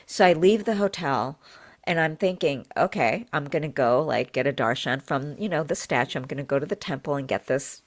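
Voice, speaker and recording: Podcast guest, female healer with a low voice, earnest, heartfelt, acts out the dialogue in her story. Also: a little fast. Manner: animated, acts out her own and others' words; earnest and heartfelt, repeats phrases for emphasis. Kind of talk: emotional personal storytelling.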